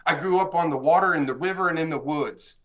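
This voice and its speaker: A man's voice: fairly high pitch, fast talker. A man from Texas, a guest on a podcast, telling a story with feeling and acting out what was said. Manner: animated, acts out dialogue in the story. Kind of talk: casual storytelling.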